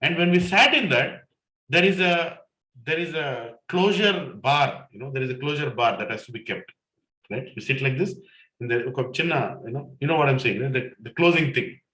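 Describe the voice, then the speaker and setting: A middle-aged man with an Indian English accent, giving an anecdotal spiritual talk to a satsang group and telling stories in an animated way, mixing in Hindi and Telugu. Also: mid-range voice, brisk, echoey room, low-quality recording. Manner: animated storyteller, mixes in Hindi and Telugu, laughs at himself. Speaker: satsang speaker.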